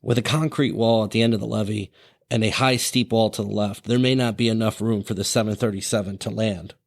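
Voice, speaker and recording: A man hosting a podcast, his voice sitting a little low. He narrates in a relaxed, conversational way, adding fillers and side remarks as he goes. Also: a little fast, vocal fry. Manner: casual, with fillers and asides. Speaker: podcast host.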